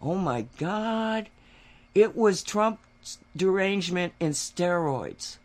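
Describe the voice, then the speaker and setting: Higher-pitched man telling a story. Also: slow pace. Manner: animated, getting louder and higher when worked up; rambling with restarts and acted quotes. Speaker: talk show co-host. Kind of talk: casual storytelling chat.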